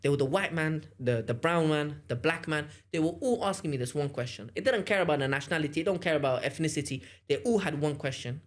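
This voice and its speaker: Laid-back man bantering. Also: fairly high pitch. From London. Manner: relaxed banter, quick reactions. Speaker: podcast co-host. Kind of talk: casual chat.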